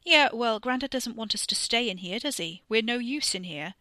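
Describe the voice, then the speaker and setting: A woman voicing a sardonic teenage boy with a dry, mocking edge. The voice is bright and crisp, recorded close in a dry room. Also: fairly high pitch, lively intonation, moderate pace, no echo, pitched above the performer's own voice. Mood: pushy.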